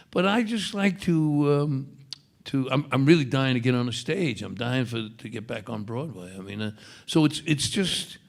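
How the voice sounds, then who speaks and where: A man in his seventies with a Brooklyn accent, a guest actor at a convention panel, telling rambling stories with restarts. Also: mid-range voice. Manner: gravelly, halting, storytelling with restarts.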